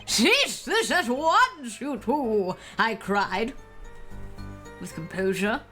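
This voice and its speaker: A woman's voice: a little high, very animated, a little slow, pushed and bright, faint music behind, full character voice. A woman voicing a pompous young male college student witness who boasts in a haughty, theatrical way. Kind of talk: reading a game's dialogue aloud on a live stream.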